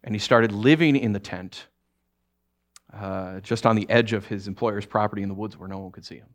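A man preaching by telling a story, speaking softly and haltingly with frequent restarts. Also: lowish voice. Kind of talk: sermon storytelling.

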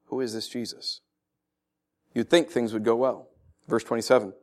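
A man's voice: medium pitch, moderate pace. A man preaching a sermon, reading scripture and acting out the people in it with laughs. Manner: animated, acts out voices with laughs. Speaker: pastor.

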